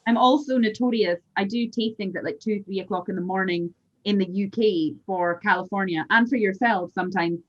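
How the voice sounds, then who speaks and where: A woman with a Scottish accent, a whisky blender chatting as a guest, animated and self-deprecating in her stories. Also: medium pitch, brisk, dull audio. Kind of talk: casual video-call chat.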